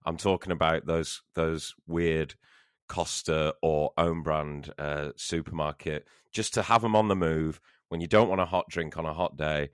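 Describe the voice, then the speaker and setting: A man's voice: very deep voice, steady tone, unhurried, smooth, dry recording, studio quality. A man co-hosting a podcast, laid-back and plain-spoken. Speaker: podcast co-host. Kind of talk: casual chat.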